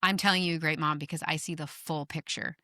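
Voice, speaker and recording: Emphatic woman guest, bright voice. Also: sits low, quick pace, dry recording, studio quality. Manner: animated, emphatic storyteller, swears casually. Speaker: guest author. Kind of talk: podcast conversation.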